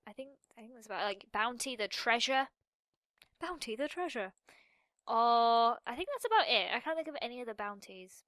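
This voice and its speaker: A young woman talks her way through a game in bubbly, rambling commentary. Her fairly high voice keeps drifting off into chatty asides. It is caught on a close, dry mic with almost no room sound. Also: pushed and bright, clear, resonant tone, no room sound. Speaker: gaming commentator. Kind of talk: casual Minecraft let's-play commentary.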